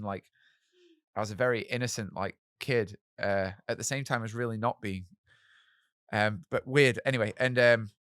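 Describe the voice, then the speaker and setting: Interview guest: man, animated and candid, dry close-miked voice. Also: lowish voice, no room sound. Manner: candid, self-mocking, animated storytelling with many fillers. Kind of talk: storytelling in a podcast interview.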